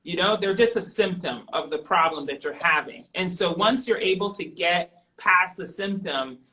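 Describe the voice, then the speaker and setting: A middle-aged woman guest speaks openly and with emphasis, circling back to repeat her points. Her tone is bright and forceful, with a sharp edge. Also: lowish voice, moderate pace, poor audio. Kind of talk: candid interview conversation.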